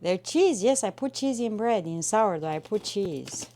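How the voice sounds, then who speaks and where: A woman chatting with her viewers while she cooks in a home kitchen, excitable and talkative, with some non-native phrasing. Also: medium pitch, unhurried, faint music behind. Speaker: cooking livestreamer. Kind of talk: casual live cooking chat. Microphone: phone.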